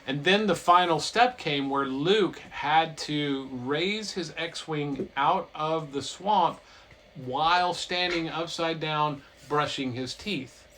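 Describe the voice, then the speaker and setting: A man's voice: fairly high pitch, slow pace, a little hiss or hum, poor audio. A man retelling a story in a goofy, playful comic way, full of silly asides. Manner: playful, animated, lots of silly voices.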